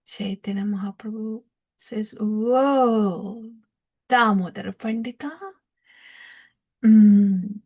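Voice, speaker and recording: Brief: female scripture teacher, storytelling, husky, near-whispered. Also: on the high side.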